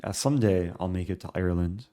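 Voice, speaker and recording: Man, chess streamer, live commentary, low voice, dry close sound. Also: fast, warm tone, dry recording. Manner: thinking aloud while calculating moves.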